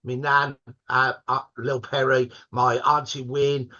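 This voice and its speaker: An older man from Birmingham, England, speaks with a Brummie accent as a guest historian on a podcast interview. His mid-range voice is slow, level, bright and forceful, though the audio is dull. He tells stories with evident pride and affection for local dialect words.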